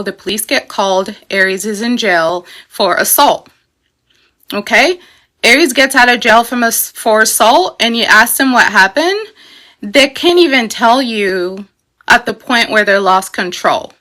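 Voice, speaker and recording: A woman's voice: fairly high pitch, bright, forceful tone. A woman hosting a casual astrology talk, explaining in a chatty, emphatic way with frequent "you know" and "okay?". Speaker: astrology host.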